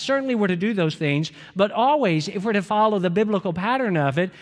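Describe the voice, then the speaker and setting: High-voiced pastor preaching in a reverberant hall. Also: male voice. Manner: animated, conversational preaching with audience asides. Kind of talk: sermon.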